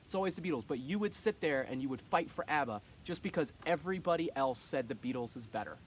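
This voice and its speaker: A man's voice: mid-range voice, animated, a little fast, a little hiss or hum. Cocky man trash-talking his fantasy league. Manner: cocky, teasing trash talk. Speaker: fantasy football league commissioner. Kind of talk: casual trash-talk vlog.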